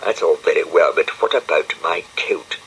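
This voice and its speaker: A man's voice: rumbling low, normal speed, fairly bright tone, a little hiss or hum, poor audio. A man voicing a grumpy, pompous male dog, in a storybook reading. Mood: indignant. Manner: huffy, pompous, scolding.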